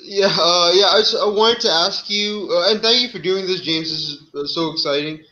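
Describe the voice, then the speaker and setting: A man calls in over dull, lo-fi video call audio. His voice is bright and forceful, but he speaks hesitantly and excitedly, with many fillers. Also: high voice, normal speed. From Pakistan. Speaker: caller.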